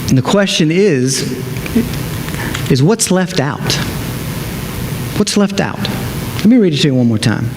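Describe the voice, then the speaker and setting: A man's voice: a little high, expressive, background noise. Emphatic male pastor in an echoey church. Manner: emphatic preaching, slows down to stress words. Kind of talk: sermon. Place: church sanctuary. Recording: echoey hall with faint ambience.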